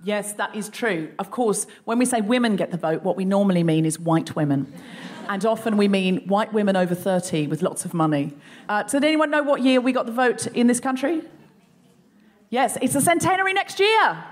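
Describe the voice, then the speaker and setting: A woman's voice: medium pitch, expressive, a little fast. A woman with an Australian accent hosting a live comedy podcast, playfully quizzing the audience in a stand-up style.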